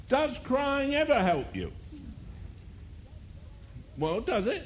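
A man's voice: extremely high pitch, wildly swooping pitch, takes it slowly, pauses often, darkish tone, a little hiss or hum. A male preacher delivering a sermon, firing rhetorical questions and mocking asides.

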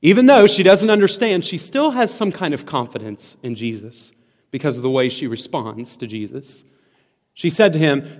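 Male pastor, emphatic sermon delivery, slightly high voice; reverberant church hall. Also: lively intonation, moderate pace, darkish tone. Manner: emphatic, earnest, with repeated restarts.

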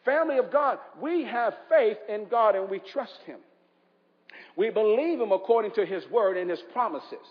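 A man's voice: sits high, expressive, moderate pace, long reverb tail, highs cut off. A man with an East Coast American accent preaching a sermon in a church, urging the congregation to respond aloud. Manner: impassioned preaching with call-and-response. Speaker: pastor.

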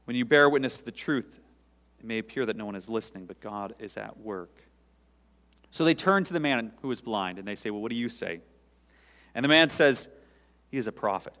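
Pastor guy preaching, gets loud then real quiet, long echo like a church sanctuary. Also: lively intonation, a little fast, pauses often. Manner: dynamic preaching, sudden rises in pitch and volume, dropping to quiet asides. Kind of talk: sermon. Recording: long hall reverb.

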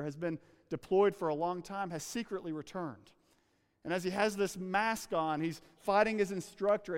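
A man preaching a sermon to a congregation in a church room, earnest, slowing down and dropping to a hush for emphasis. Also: high voice, smooth. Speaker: pastor. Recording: long reverb of a large hall.

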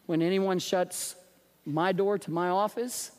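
A man preaching a sermon as pastor, animated and emphatic, telling stories to his congregation. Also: high-pitched, unhurried, clean tone. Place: church sanctuary. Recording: long reverb of a church sanctuary.

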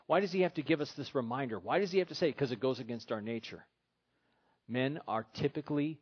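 A man's voice: mid-range voice, muffled recording. A middle-aged male pastor preaching a sermon in church, mixing humor with earnest teaching. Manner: preaching with humor, putting on silly voices for a husband.

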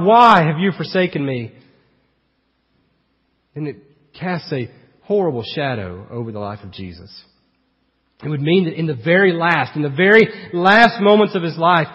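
A pastor with a slightly high, husky voice delivers an expository sermon. He drops into low, quiet asides, then lifts his voice for emphatic quoted lines. The sound is dull and muffled, with a long reverb trailing through a large hall. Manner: swings between hushed low asides and raised emphatic quotes.

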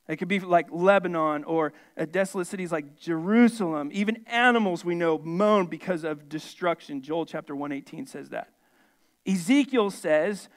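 A man preaching a sermon, swinging from emphatic, rising peaks down to quiet, low stretches. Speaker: pastor.

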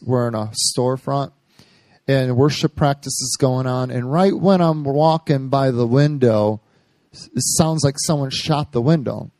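A man preaching in a sermon, recounting a story and jumping into the voices of the people he quotes, his pitch lifting as he does. His delivery is conversational and it shifts between quick asides and slow, weighty lines. The sound is dry and close, with no room echo. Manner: storytelling, quoting others in lively bursts. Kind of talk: sermon testimony.

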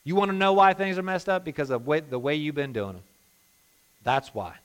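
A man preaching a sermon as a pastor, impassioned, moving between hushed and emphatic delivery. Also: fairly high pitch, a little fast, smooth.

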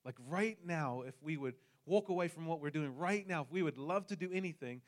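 A man's voice: a little high, fairly quick. A man from New Zealand with a New Zealand accent, telling a personal story in a sermon with jokes for the congregation. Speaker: pastor.

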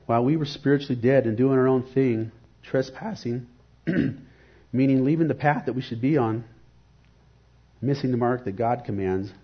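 A man's voice: medium pitch, breathy edge, dull audio. A man giving an earnest, reflective devotional sermon and posing rhetorical questions.

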